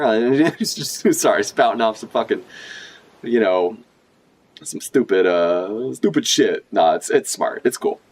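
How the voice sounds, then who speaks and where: A man streaming a casual manga read-along, reacting with profane, excitable asides and rambling commentary. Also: fairly low pitch, unhurried.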